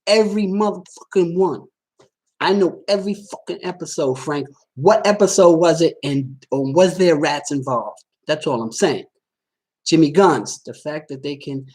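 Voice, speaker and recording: A man hosting a livestream and answering viewer comments, swearing a lot and talking straight to his audience in a boastful, streetwise way. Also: fairly high pitch. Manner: talks straight at viewers, often asking if they follow. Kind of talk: casual livestream chat.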